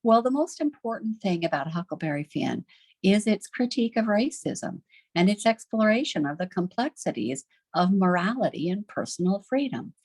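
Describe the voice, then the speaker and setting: A middle-aged woman teaching a recorded homeschool literature lesson, chatty and lively, often putting questions to her class. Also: mid-range voice, normal speed, no echo.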